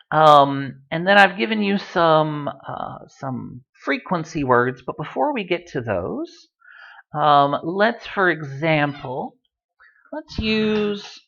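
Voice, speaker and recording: Man, language teacher, chatty, dry jokes, animated intonation, muffled home recording. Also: on the high side. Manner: relaxed, chatty, with dry joking asides. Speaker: Spanish teacher. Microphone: computer microphone.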